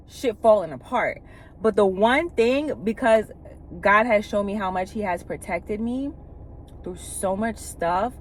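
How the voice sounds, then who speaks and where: Vlogger, woman, mid-pitched, blunt and emphatic, acts out dialogue, faint road hum behind. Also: a bit bright. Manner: candid and emphatic, with casual profanity; retells scenes by acting out quoted speech. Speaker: vlogger sharing spiritual experiences. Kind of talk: casual storytelling monologue.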